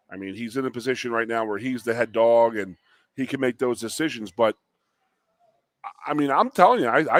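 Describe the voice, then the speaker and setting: A man's voice: medium pitch, no room sound. Sports talk co-host, male, fired up, stumbling over restarts, dry close mic. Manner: animated, worked up, repetitive restarts. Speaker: co-host, former player. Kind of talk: sports talk show chat.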